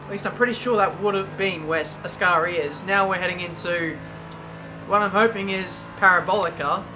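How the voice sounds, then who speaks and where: A young man giving casual, self-mocking commentary while playing a racing game. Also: high voice. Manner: chatty, self-mocking, quick exclamations. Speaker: gaming YouTuber. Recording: game audio and engine noise behind.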